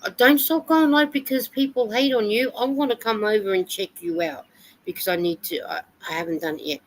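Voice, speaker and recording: A woman's voice: mid-range voice, a little fast, a little hiss or hum, poor audio. An Australian woman hosting a live stream, chatting casually and reading out viewer comments and weather reports. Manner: chatty, reads comments and weather aloud with fillers.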